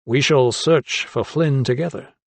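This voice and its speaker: Man voicing a young male anatomist, earnest, guarded, polite measured replies, mid-pitched. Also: gravelly, no room sound. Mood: respectful.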